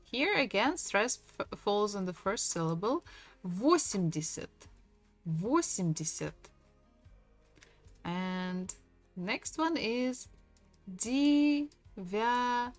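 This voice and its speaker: A woman teaching a language lesson, patiently repeating each word slowly for her students. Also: medium pitch, very animated, a bit bright, soft background music.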